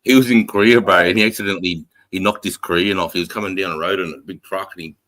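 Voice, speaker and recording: A man's voice: sits low, fairly even intonation, fast, a bit bright. A middle-aged Australian man telling stories in casual chat, swearing often and using rhyming slang. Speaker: live stream host.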